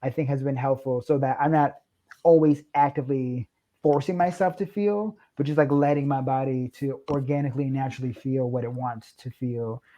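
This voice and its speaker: A young man, a podcast guest, chatting casually and acting out his own quoted lines with lively shifts. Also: medium pitch, a little fast, muffled recording. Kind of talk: casual chat.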